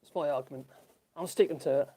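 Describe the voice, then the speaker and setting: This woodworking channel host speaks quickly, with a fairly high pitch and a warm tone. He chats and rambles to the camera as he works on a project in his workshop, chuckling now and then and talking to himself.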